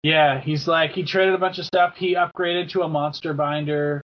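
A man in his thirties, from Canada, hosts a casual podcast chat with a slightly high voice. He rambles and stalls on fillers, dropping an occasional swear word. The audio is dull and lo-fi. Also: fairly even intonation, moderate pace. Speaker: podcast host.

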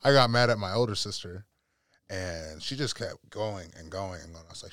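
A young man, a podcast guest, chatting casually and telling animated stories with playful voice impressions. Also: lowish voice, brisk, no room sound, studio quality. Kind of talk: casual chat.

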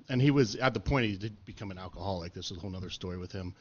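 A man telling stories in casual chat, animated and laughing, acting out what others said and often saying dude and man. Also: low-pitched, rapid-fire, breathy edge. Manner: animated storyteller, says dude and man a lot, laughs, acts out quotes. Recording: dull lo-fi sound.

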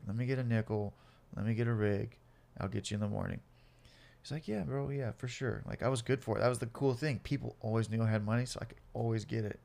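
A man's voice: fairly low pitch, vocal fry. A man in his late twenties or older telling his own life story in a casual interview, swearing a lot and acting out the other people in it. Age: late 20s or older. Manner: profane, animated, acts out cops and himself.

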